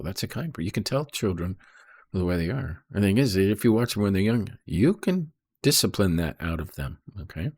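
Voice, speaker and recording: A man's voice: low voice, a little mellow, husky, no room sound, studio quality. A man reading Bible verses aloud and explaining them in a casual teaching style, checking in often with "okay?" and "right?".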